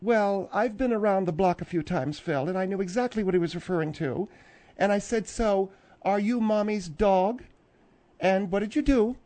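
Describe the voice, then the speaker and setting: A man voicing a domineering, bossy woman who calls in to a radio show, snapping orders slowly and primly. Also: high-pitched, darkish tone, pitched above the performer's own voice, close to an everyday voice. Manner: commanding, slow and prim, snapping orders. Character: bossy domineering middle-aged woman caller, scolding. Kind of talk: comedic radio character acting.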